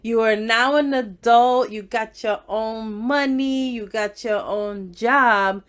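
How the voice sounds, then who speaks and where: Coaxing woman interviewer, slightly high voice. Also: slow. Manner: coaxing, leading questions, calls guest "girl". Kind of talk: casual interview.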